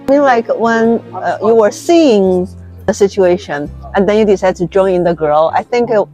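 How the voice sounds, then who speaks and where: A woman asks questions in a middle-pitched voice, halting and hesitant as she finds her words. Faint music runs underneath. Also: warm tone, low-quality recording. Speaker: interviewer. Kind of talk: casual interview talk.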